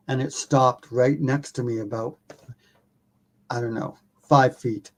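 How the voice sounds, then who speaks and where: Animated, self-mocking male storyteller. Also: medium pitch, slow pace, long pauses. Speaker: podcast guest, documentary filmmaker. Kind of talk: casual storytelling.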